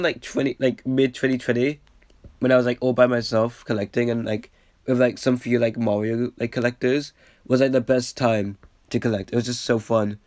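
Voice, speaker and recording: A young man casually rambling over an old video, packed with "like" fillers and the odd swear, getting excited and then trailing off. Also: mid-range voice, dry recording. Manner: excitable bursts, trails off with a quiet "yeah". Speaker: reaction video host.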